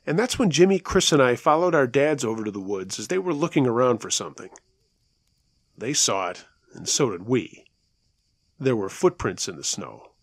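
A man telling a listener's true scary story in a conversational way, slowing down at the tense moments. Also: medium pitch, dry recording. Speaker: storyteller, show host.

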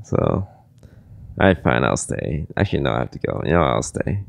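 A man's voice: extremely low pitch, sing-song, a little fast, creaky. A young man hosting a casual podcast who is losing his voice, rambling and self-deprecating as he slips in ad plugs. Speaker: podcast host.

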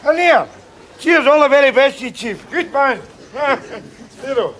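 A man's voice: extremely high pitch, animated, measured pace, a bit bright, slight background noise, heavily acted. An actor with a Glaswegian accent playing a scruffy, boastful working man on holiday in a sitcom, rambling and chuckling. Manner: rambling, cheeky, chuckling asides. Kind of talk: sitcom acting.

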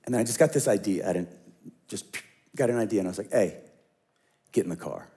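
A middle-aged man preaching a sermon as a pastor, talking conversationally and dropping to a hush when he tells stories. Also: fairly low pitch, animated, fast.

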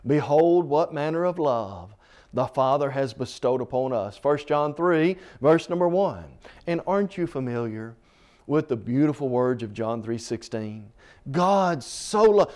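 A man's voice: medium pitch, a little mellow. A man preaching a televised sermon, reading scripture with impassioned, swelling emphasis and calling the listener "friend.".

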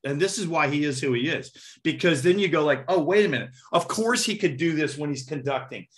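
A man's voice: fairly high pitch, fairly quick. A man, a guest drummer and percussionist, telling stories in a casual interview, vocalizing rhythms and acting out what people said. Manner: animated, vocalizes rhythms and acts out quotes.

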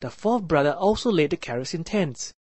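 A woman narrating a children's counting story for a math lesson, reading in a clear, deliberate and expressive way. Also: sits low, dry recording. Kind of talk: slow read-aloud children's story narration.

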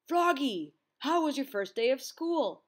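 A woman voicing a cheerful frog father in a storybook read-aloud, with a bright, rousing delivery. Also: high-pitched, big pitch swings, measured pace, pitched above the performer's own voice, heavily acted.

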